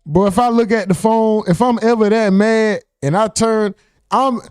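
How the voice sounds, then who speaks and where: A man with a fairly high voice riffs through casual reaction commentary, animated and mocking. The sound is close and dry, with no room around it. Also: moderate pace, clean tone, no room sound, faint music behind. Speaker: host.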